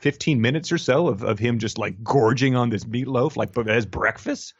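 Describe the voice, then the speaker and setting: Gravelly man with a dull lo-fi sound. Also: medium pitch, moderate pace, dry recording. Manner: wry, rambling, laughs often. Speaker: podcast co-host. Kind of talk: casual chat.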